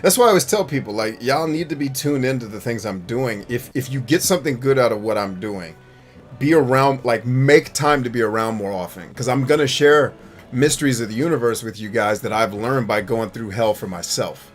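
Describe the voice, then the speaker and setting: A man hosting a live stream in casual chat, talking bluntly and profanely, laughing often and bursting into shouts when he acts out a scene. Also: mid-range voice, brisk. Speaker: streamer and gaming show host.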